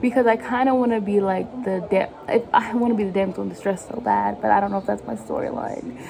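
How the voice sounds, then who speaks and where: A woman's voice: mid-range voice, fairly even intonation, quick pace, vocal fry, noisy background. A woman in her twenties chatting casually while cooking at home, rambling and self-mocking and laughing often. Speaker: vlogger. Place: home kitchen.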